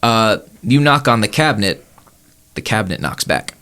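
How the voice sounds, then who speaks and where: Bright-voiced man running a tabletop game. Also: lowish voice, very animated, moderate pace, clean tone. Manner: laid-back narration with many "um"s. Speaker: game master.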